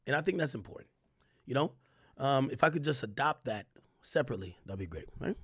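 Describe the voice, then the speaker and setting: With a medium-pitched, slightly rough voice that runs a little fast, a young man hosts a casual livestream. He reads chat aloud and rants in lively slang. The sound is clean studio audio without any echo.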